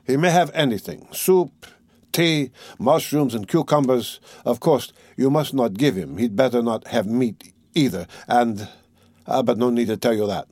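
A self-important young doctor drawling slowly, as a male audiobook reader puts him on. He talks offhandedly and trails off into hesitant fillers. The voice sits at a middle pitch in a dry, close recording. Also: darkish tone, dry recording, lightly acted. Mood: lazy.

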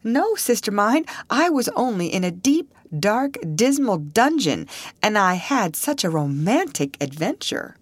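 A woman's voice: medium pitch, sing-song, measured pace, dry recording, pitched above the performer's own voice. A woman reading an audiobook voices a spirited young woman who is playful and earnest.

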